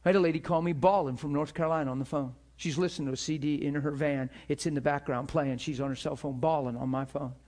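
A man preaching a sermon, telling stories in an animated, emphatic way and acting out the people he quotes. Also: fairly high pitch, quick pace, hardly any pauses. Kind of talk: sermon storytelling.

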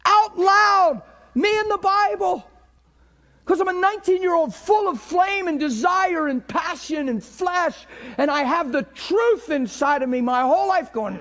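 A middle-aged male pastor preaching a sermon with passion, dropping to near whispers and rising to shouts. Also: extremely high pitch, expressive, unhurried. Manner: impassioned preaching that swings between hushed and shouted.

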